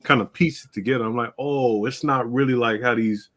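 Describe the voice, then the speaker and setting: A man's voice: medium pitch, fairly even intonation, a little fast, fairly bright tone. A man with an ordinary mid-range voice hosts a livestream in loose, slangy casual chat. He keeps things easygoing and laughs often between remarks. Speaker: livestream host.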